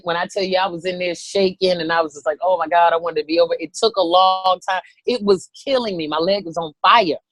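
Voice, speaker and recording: A woman in her thirties, a comedian telling a story, animated and profane, acting out the voices of people in it. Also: on the low side, no echo. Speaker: comedian guest. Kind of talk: comic storytelling.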